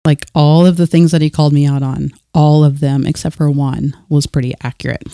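A woman's voice: low voice, a little fast, vocal fry, no room sound, studio quality. A woman in her thirties, a podcast guest chatting casually about faith, telling stories animatedly and acting out what people said. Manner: animated storyteller, acts out quoted dialogue; restarts and filler words.

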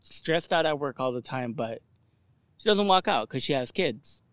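A man's voice: medium pitch, lively intonation, moderate pace, smooth, no echo. A young man co-hosting a casual chat, swearing and joking as he tells stories with acted-out quotes. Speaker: podcast co-host.

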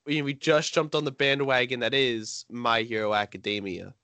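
A young man co-hosting a casual podcast chat, an animated storyteller who laughs often. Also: medium pitch, normal speed, smooth, no room sound. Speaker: podcast co-host.

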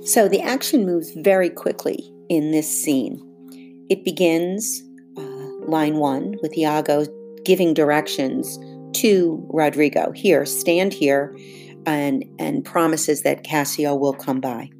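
Brief: low-voiced woman teacher, slow, soft guitar behind. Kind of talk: explaining a scene summary.

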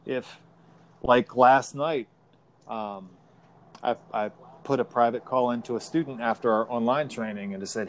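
A man's voice: mid-range voice, a little slow. Middle-aged male karate sensei, frank and plain-spoken, casual podcast talk. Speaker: martial arts instructor.

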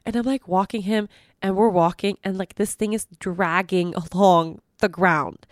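A woman's voice: mid-range voice, steady tone, normal speed, no room sound, clean studio sound. A young adult woman hosting a podcast, telling a story in a rambling way with many fillers and frequent laughs. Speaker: podcast host. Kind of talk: casual storytelling.

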